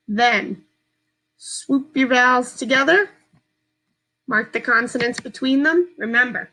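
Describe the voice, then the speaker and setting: Teacher lady at home going real slow thru phonics steps, bright higher voice. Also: a little hiss or hum, rough recording. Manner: slow, patient, step-by-step instruction. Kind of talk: remote phonics lesson for young children.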